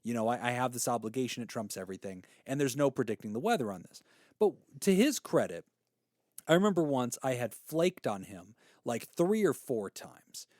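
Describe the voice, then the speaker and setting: A man's voice: medium pitch, moderate pace, no echo, studio quality. A man in his thirties, a podcast co-host, telling a personal story in casual chat and acting out the voices he quotes. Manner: animated storyteller, acts out quoted voices, laughs easily.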